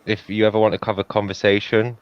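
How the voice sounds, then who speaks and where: A man's voice: fairly low pitch, level tone, fast talker, smooth. A man from Sheffield with a Sheffield English accent, chatting casually as a podcast co-host who laughs often and pokes fun at himself. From Sheffield, England. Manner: laughs often, self-deprecating. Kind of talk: casual chat. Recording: muffled lo-fi sound.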